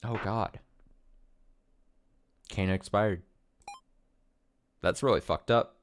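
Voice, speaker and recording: Loud, excitable let's play man. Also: fairly low pitch, drawn-out words. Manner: loud, excitable reactions with swearing. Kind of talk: gameplay commentary.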